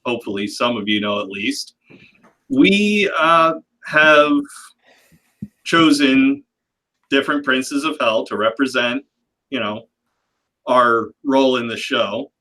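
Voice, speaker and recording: A man's voice: mid-range voice, slow, pauses often, pushed and bright, poor audio. A man hosting a livestream panel in casual chat, talking loosely and rambling with a self-deprecating humor. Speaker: livestream host.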